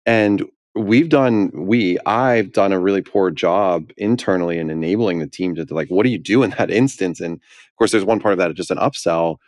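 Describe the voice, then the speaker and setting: A man with a very deep voice co-hosts a business podcast. He talks earnestly about his company, with pauses and restarts. The sound is dry and close. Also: darkish tone, no echo. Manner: earnest, many fillers and restarts. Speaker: podcast co-host, company leader. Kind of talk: casual podcast chat.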